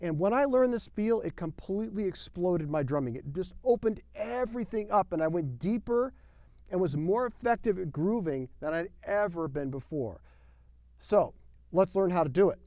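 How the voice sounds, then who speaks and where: A man's voice: high voice, animated, moderate pace, warm tone, dry recording. A man teaching a drum lesson to camera in an upbeat, folksy, emphatic way, sometimes singing drum syllables. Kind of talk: video lesson.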